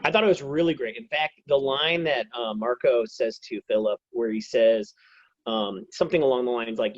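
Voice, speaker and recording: A man co-hosting a casual TV episode review, giving halting, reflective opinions. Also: medium pitch, no echo, dull audio. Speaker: co-host.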